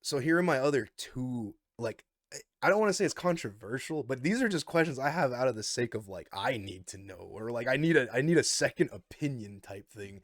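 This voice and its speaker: A man's voice: mid-range voice, expressive, a little fast, no room sound, studio quality. A man hosting a podcast, asking rambling questions in casual talk with swearing. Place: podcast studio.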